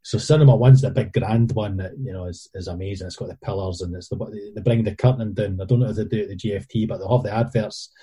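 A man's voice: lowish voice, quick pace, hardly any pauses, mellow, husky. A Scottish man telling rambling stories in casual chat, with frequent restarts.

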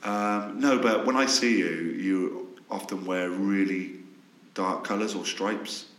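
A man in his thirties banters on a podcast, teasing his friend and tossing in quick remarks. His voice sits on the low side. There is an echoey room around him. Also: steady tone, a bit bright. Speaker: podcast co-host. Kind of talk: casual chat.

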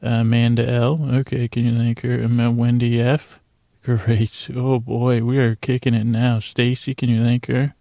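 A man's voice: mid-range voice, completely flat delivery, normal speed, vocal fry, dark tone, dry recording. A man hosting a podcast, rambling playfully as he thanks listeners and talks to imaginary creatures. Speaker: podcast host. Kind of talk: casual, playful thank-you segment.

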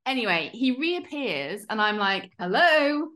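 A woman, co-hosting a podcast and telling a story in a lively, casual way, acting out quoted lines. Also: on the high side, measured pace. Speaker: podcast co-host.

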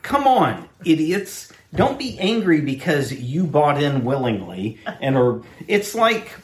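A man's voice: a little high, very animated, slow. A man co-hosting casual radio banter in a sardonic, mock-pompous way. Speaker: co-host.

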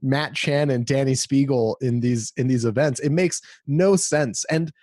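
A man's voice: medium pitch, unhurried, darkish tone, no echo, studio quality. A man hosting a casual podcast, speaking emphatically and indignantly, often restarting his sentences.

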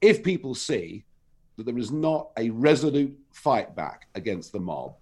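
A political guest is interviewed on talk radio. He talks forcefully and pushes his points with emphatic peaks, and his pitch keeps swinging high and low. The studio sound is clean. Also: big pitch swings, unhurried.

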